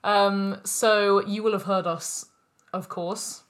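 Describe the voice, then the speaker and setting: A woman's voice: mid-range voice, fairly even intonation, takes it slowly, fairly bright tone. A woman co-hosting a chatty podcast, laughing often and improvising a rhyming slam poem. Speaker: podcast co-host. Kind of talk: casual chat with improvised slam poetry.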